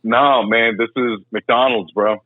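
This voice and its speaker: A man's voice: medium pitch, steady tone, slow pace, no echo, voice pushed down, close to an everyday voice. A man playing a blunt, dismissive male worker taking a phone order, over a tinny remote line. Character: blunt bored male burger-joint worker.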